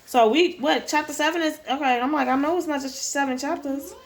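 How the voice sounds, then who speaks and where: High-voiced dramatic young woman vlogger. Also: fairly quick, a little hiss or hum. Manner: dramatic, expressive, slangy. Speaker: book-reading vlogger. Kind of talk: casual reading vlog.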